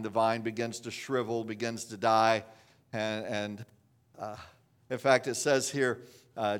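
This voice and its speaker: A man preaching a sermon in a conversational storytelling manner, with frequent restarts and asides. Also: lowish voice.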